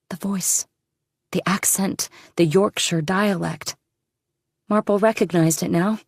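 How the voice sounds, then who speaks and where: A woman with a lowish voice narrates an audiobook from a script in a measured, steady storytelling style. The studio sound is clean, with no room sound.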